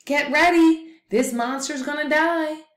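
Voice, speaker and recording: A woman's voice: mid-range voice, sing-song, measured pace, roomy sound. A woman voicing a bold, stubborn male coyote who snaps out orders in a storybook tale. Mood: bossy. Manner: bossy, sharp commands.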